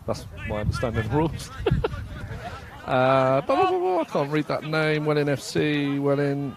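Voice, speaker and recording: A man's voice: medium pitch, steady tone, normal speed, a crowd in the background. A man from England giving casual, self-mocking live commentary at an outdoor football match, laughing often and reading out viewer comments.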